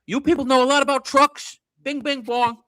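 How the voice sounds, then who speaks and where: A boastful, rambling politician, put on by a man, speaking high and loud in halting bursts, jumping from mood to mood. The voice is bright and lively, and the sound is dry. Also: no echo.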